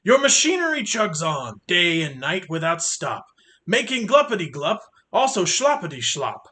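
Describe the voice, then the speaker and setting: A man's voice: high voice, very animated, normal speed, sharp tone, full character voice. A man voicing a fussy, scolding little male forest creature in a storybook reading, complaining and coughing.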